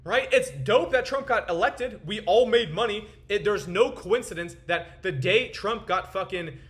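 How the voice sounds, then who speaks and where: A young man with a high, bright voice delivers a profane, boastful rant about his market calls. His talk is punchy and forceful, with a frustrated, self-assured edge. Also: measured pace. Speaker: crypto trader and video host. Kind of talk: ranting market commentary to camera.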